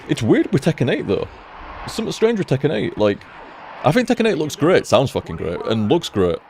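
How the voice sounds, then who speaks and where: A man's voice: medium pitch, darkish tone, a little hiss or hum. A man casually chatting while he plays a game, chatty and sweary, often laughing at his own jokes. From United Kingdom. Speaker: gaming streamer. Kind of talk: casual chat while playing.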